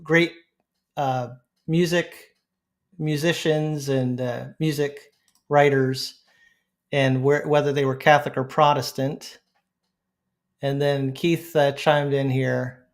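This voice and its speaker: A man's voice: medium pitch, slow, pauses often. A man hosting a podcast, telling funny stories in casual chat with frequent laughter. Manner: laughing, storytelling, relaxed. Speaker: podcast host.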